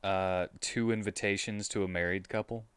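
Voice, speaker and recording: A man playing a tabletop game, arguing his point slowly and reasonably. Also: lowish voice, steady tone, fairly bright tone, smooth, no echo. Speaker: player.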